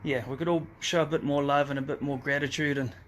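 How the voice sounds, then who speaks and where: A man talking from a hospital room in a live phone stream, heartfelt and emotional, pausing and restarting often. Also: on the high side, steady tone, slight background noise. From New Zealand. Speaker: father recovering from a car crash.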